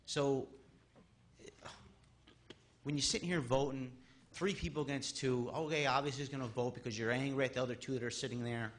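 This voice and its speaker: A man's voice: mid-range voice, fairly even intonation, fairly quick, long pauses. A man in his thirties speaking at public comment during a town board meeting, rambling and exasperated, with many restarts. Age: 30s.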